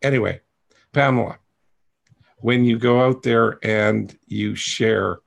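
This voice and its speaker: Male coach-host, gravelly and husky, candid and rambling, self-mocking. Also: lowish voice, fairly even intonation, takes it slowly. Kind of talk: coaching talk to a group.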